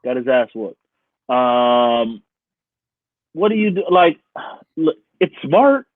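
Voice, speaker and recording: A man co-hosting a casual sports chat, talking in an animated, profane way and laughing often. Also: medium pitch, slow pace, no room sound. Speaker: podcast co-host. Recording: tinny phone-like sound, dry.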